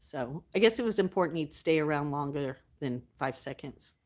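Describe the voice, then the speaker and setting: A woman's voice: sits low, animated, moderate pace, darkish tone. Chatty woman livestream host. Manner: chatty, reads and answers viewer comments; affectionate, thanks viewers often. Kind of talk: casual livestream chat.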